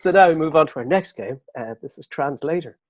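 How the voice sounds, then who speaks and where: A man's voice: fairly high pitch, animated, a little fast, no echo. A man hosting an online improv show, introducing games in a breezy mock-formal way over a video call.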